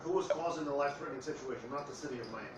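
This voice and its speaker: A man acting as judge, cutting in with short, brisk questions during testimony. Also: fairly high pitch, a little hiss or hum. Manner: brisk, brief interjections. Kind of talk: brief courtroom questions.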